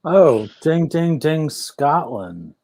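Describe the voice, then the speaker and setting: Male trivia player, slow and easygoing, playful buzz-ins. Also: fairly high pitch, sing-song, warm tone. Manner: playful, buzzes in with "ding ding". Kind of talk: casual trivia banter.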